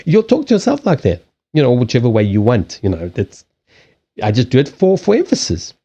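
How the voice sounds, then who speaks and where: A man's voice: mid-range voice, very animated, fairly quick, dark tone, lo-fi sound. A man hosting a live stream, chatting casually about habits and anxiety, rambling with frequent restarts, swearing and laughing. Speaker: livestream host and card reader.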